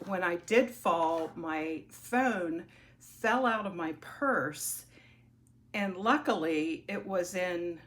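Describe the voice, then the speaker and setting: A woman's voice: lowish voice, fairly bright tone. A middle-aged woman telling a personal story on her crafting vlog, chatty and rambling with frequent ums and restarts. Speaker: crafting vlogger.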